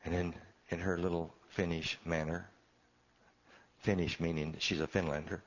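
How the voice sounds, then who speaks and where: A very low-voiced man preaching his own story from the pulpit. His delivery swells and sinks with feeling, and the recording sounds dull and muffled. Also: flat delivery, moderate pace. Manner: emotional storytelling, voice swelling and dropping. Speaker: pastor. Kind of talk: sermon testimony.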